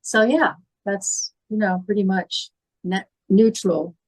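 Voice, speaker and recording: This podcast guest is a horror film actress in her seventies, originally from Illinois in the US Midwest. Her mid-range voice is steady, slow, and darkish, with a Midwestern accent and polished, stage-trained diction. The audio has no room sound but is poor.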